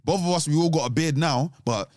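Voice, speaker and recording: Rambling man, somewhat high voice. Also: brisk, darkish tone, no echo, clean studio sound. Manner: rambling, restarts sentences, says th as t. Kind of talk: casual chat.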